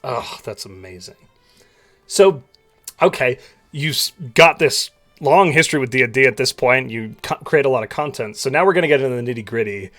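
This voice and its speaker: Animated male co-host, lively pitch, soft music bed. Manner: animated, quick to laugh. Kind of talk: casual interview chat.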